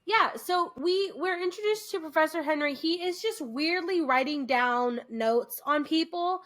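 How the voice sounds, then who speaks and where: A young woman with a high, bright voice co-hosts a casual podcast chat. She retells stories animatedly and slips into playful impressions of other people. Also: a little slow. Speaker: podcast co-host.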